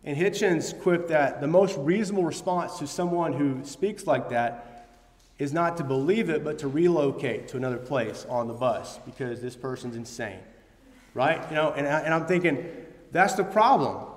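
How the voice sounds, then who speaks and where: A man's voice: fairly high pitch, moderate pace. A man preaching a sermon, earnest and quoting scripture, with emphatic bursts. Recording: long hall reverb.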